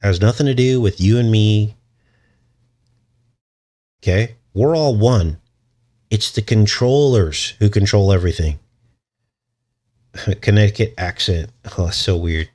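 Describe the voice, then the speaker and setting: A man with a fairly low voice hosts a casual livestream. He rambles from point to point, chuckles often and speaks straight to viewers in the chat. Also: a little slow, pauses often, a little mellow. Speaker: channel host.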